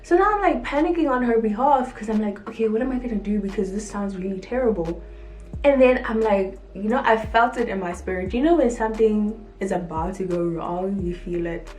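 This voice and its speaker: Animated woman telling a story. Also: medium pitch, fairly quick. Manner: animated, acts out quotes, frequent "like". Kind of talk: casual storytelling to camera. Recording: echoey room, faint music behind.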